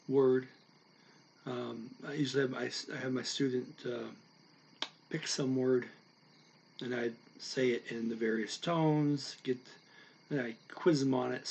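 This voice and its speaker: A man teaching the tones of Mandarin in a casual spoken lesson, unhurried and halting, stopping to demonstrate with exaggerated high and low sounds. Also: fairly bright tone. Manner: unhurried, halting with fillers and restarts.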